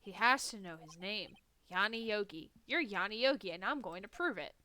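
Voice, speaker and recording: A woman's voice: mid-range voice, animated, normal speed, bright, forceful tone. A woman on a casual live game stream who reacts with jokes, laughs often and reads lines aloud. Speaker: streamer reading game dialogue.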